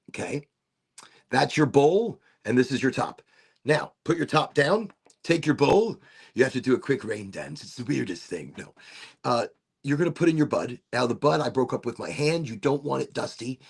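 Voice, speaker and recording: A man's voice: medium pitch, creaky, husky. A middle-aged man casually demonstrating a vaporizer on a livestream, playful and prone to silly asides.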